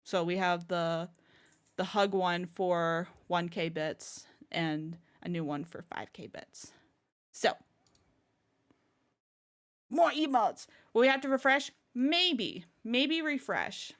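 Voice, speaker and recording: A woman's voice: lowish voice, lively intonation, slow, fairly bright tone. A woman streamer chatting casually to her viewers, bubbly and rambling, often breaking into giggles. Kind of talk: casual live-stream chat.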